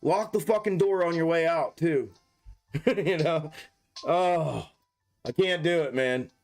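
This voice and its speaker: A man's voice: on the high side, takes it slowly, darkish tone, faint music behind. A young man live streaming, rambling casually with heavy slang and lots of swearing. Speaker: stock market live streamer.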